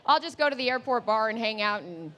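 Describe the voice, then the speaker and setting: Chatty, fast-talking woman podcast co-host. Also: lively intonation, pushed and bright. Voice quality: deeper voice. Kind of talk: live podcast Q&A. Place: live event stage.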